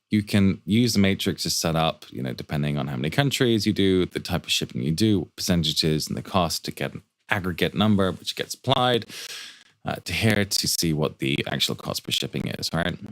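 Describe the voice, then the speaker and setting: Deep-voiced man, fast casual tutor talking through a finance model, jokey asides, dry close mic. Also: expressive, dry recording. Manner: quick, joking asides and rhetorical questions. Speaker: startup finance instructor. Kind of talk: fast screen-share walkthrough of a spreadsheet.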